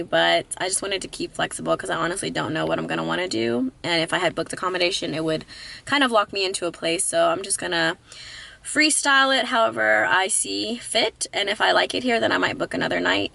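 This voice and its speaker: Her voice sits fairly low, with vocal fry and a bright, forceful tone, and she talks briskly. She's a travel vlogger chatting upbeat to the camera as she drives and explores, filmed in the car and outdoors on dash-mounted and handheld cameras.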